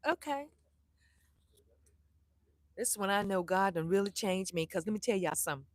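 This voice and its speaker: Speaking fast in a medium-pitched voice, a middle-aged woman vlogs a story to her live chat. She's blunt and animated, curses without hesitation, and performs the voices of those she quotes.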